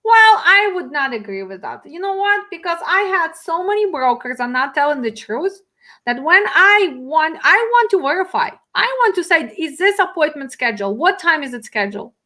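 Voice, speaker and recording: Animated emphatic high-voiced woman host. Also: normal speed. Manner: emphatic, animated, repeats "you know what". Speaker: host and dispatch trainer. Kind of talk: casual interview.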